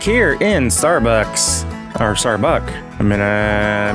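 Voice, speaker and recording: A man with a slightly hoarse, frog-in-the-throat voice, rambling casually with lots of ums and uhs as he hosts a farming game let's-play. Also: mid-range voice, lively intonation, a little slow, music in the background. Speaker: gaming channel host.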